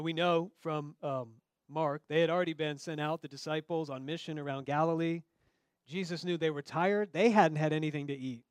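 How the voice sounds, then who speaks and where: A man with a fairly high voice preaches a sermon, talking to the congregation as if in conversation. He acts out the voices of the people in the story. The sound is dry, with no echo around him. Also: brisk, smooth. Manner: conversational, acts out quoted dialogue. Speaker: pastor.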